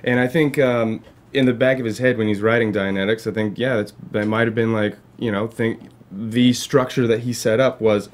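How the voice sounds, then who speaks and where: Hesitant low-voiced man. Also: fairly even intonation, moderate pace. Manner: hesitant, many fillers, skeptical. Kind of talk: casual panel discussion.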